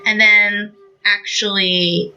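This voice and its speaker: A woman's voice: mid-range voice, little pitch movement, slow, sharp tone, smooth, dull audio. A young woman hosting a podcast, recapping a manga in casual, rambling chat full of fillers and acted-out quotes. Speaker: podcast host.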